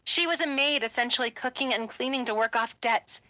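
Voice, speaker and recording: A woman's voice: on the high side, brisk, sharp tone. A woman voicing a sad young male werewolf who speaks in a subdued way.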